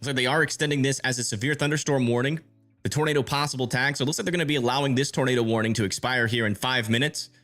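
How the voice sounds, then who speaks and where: A man's voice: medium pitch, fairly even intonation, very fast, a bit bright, faint music behind. A man giving live storm-tracking commentary on a stream, thinking aloud and answering viewer chat as he checks radar. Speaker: livestream weather tracker.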